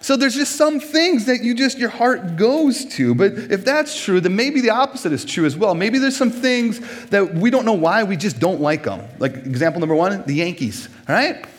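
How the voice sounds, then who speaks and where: Man, 40s, from Minnesota, humorous sermon, high voice, lively swooping delivery. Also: normal speed, hardly any pauses. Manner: animated, joking, acts out little scenes.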